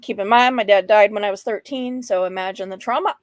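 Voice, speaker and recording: A woman's voice: medium pitch, fairly quick, a little hiss or hum. A woman in her fifties hosting a casual mental health talk, frank and chatty, often breaking into laughter and playful asides while going through slides. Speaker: host of a mental health livestream.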